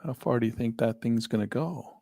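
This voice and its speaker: Man, gravelly voice, dry close headset sound, chatty live trading lesson, talks through each click. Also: mid-range voice, brisk, dark tone, no room sound. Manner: chatty, thinks aloud while clicking through charts. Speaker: trading instructor. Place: small office near a parking lot. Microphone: headset mic.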